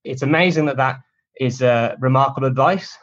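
A man's voice: medium pitch, brisk, fairly bright tone, muffled recording. A man being interviewed about his work, talking in a chatty, cheeky, self-deprecating way. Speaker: guest, cold email marketer. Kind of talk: casual conversational interview answers.

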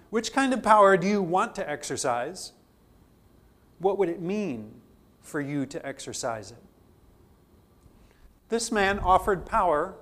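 A man teaching a theology class, putting question after question to his students and swinging between loud emphasis and quiet asides. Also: fairly high pitch. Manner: poses repeated questions to the class. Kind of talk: classroom lecture.

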